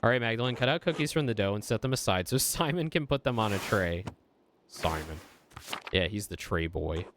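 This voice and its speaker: A man's voice: on the low side, lively intonation, a little fast, fairly bright tone, slight background noise. A man reading the part of a stern older woman baker in a game, scolding and giving orders. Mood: bossy. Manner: scolding, commanding.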